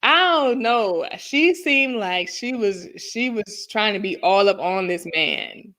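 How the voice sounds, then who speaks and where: A young adult woman with a medium-pitched voice speaks at a slow pace. She co-hosts a casual live review chat over a video call, laughing often and telling stories with animated energy.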